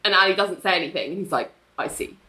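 Animated woman recapping a show. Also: fairly low pitch, racing. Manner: animated, laughs often, acts out quoted lines. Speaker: podcast co-host recapping a TV episode. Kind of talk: casual chat, retelling scenes.

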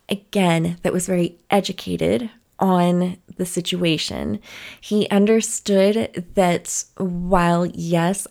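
Her voice is medium in pitch, gravelly and a bit mellow. Hosting a casual podcast alone, the woman chats candidly through a personal story and laughs here and there.

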